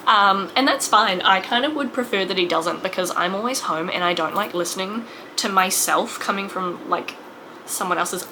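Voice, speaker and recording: A woman's voice: medium pitch, background noise. A woman in her late twenties talking to camera in a personal vlog, emotional and rambling, full of fillers and restarts. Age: 20s. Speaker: vlogger.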